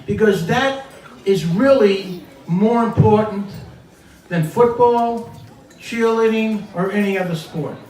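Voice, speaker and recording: A man's voice: high voice, takes it slowly, a little mellow. A man giving an emphatic, motivational speech at a banquet and repeating his points for stress. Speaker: banquet speaker. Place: banquet hall. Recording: echoey hall from far off, faint ambience.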